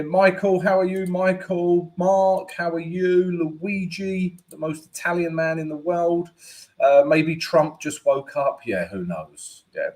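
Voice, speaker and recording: A man's voice: mid-range voice, darkish tone, low-quality recording. A man hosting a live trading stream, chatty and upbeat, thinking aloud with fillers and tag questions as he walks through charts and greets viewers by name. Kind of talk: casual live-stream market commentary.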